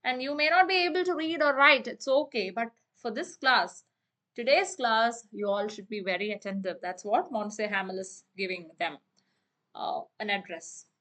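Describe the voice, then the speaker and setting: A young woman teacher reads a story aloud and stops often to explain it. Her voice sits high and sounds bright. She uses many fillers and starts her sentences over. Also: moderate pace. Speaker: English teacher.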